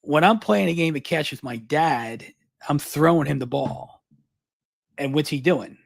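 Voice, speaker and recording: Fast-talking guy from baltimore, gravelly voice, tells a long story and keeps restarting, dry sound. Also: fairly high pitch, no echo. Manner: repeats words and restarts often. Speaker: guest. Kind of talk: live interview, storytelling.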